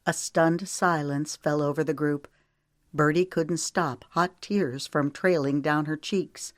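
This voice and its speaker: Low-voiced woman narrating an audiobook. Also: steady tone, slow, no room sound, studio quality. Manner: reads dialogue with light character shifts. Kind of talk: scripted narration.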